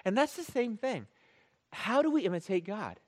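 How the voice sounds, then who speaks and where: A man's voice: high-pitched, very animated, normal speed. A man preaching a sermon in a conversational, jokey way, repeating key phrases for emphasis and joking with the congregation. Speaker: pastor.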